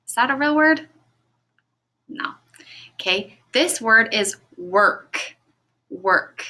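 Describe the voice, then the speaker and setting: A woman teaching a recorded phonics lesson to children, speaking clearly and encouragingly and stretching out the sounds of words. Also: on the high side, animated, pushed and bright. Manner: slow, clear, encouraging classroom delivery.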